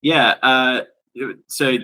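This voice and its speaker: A man who designs live events, a podcast guest explaining things in a relaxed, casual way with many "like"s. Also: medium pitch, drawn-out words, rough recording. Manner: relaxed, explanatory, uses "like" a lot. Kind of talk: casual chat.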